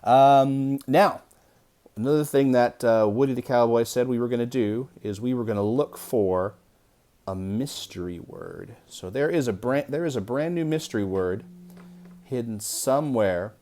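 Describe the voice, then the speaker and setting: Slow-reading man teaching young kids. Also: mid-range voice, mellow. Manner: slow, deliberate reading aloud with pauses. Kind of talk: early-grade reading lesson.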